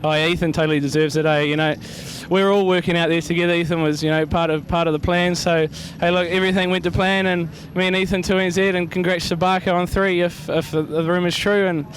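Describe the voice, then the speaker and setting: A man's voice: sits high, flat delivery, quick pace, few pauses, a little hiss or hum. A man with a New Zealand accent, a racing driver talking elatedly after finishing second. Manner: elated, repeats mate and stoked. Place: outdoors at a speedway.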